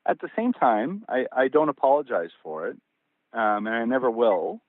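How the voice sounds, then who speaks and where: A man's voice: medium pitch, moderate pace, dry recording. Man telling stories over a tinny phone line. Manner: animated anecdote-telling, acting out dialogue. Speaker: author and interview guest. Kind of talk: casual conversational storytelling.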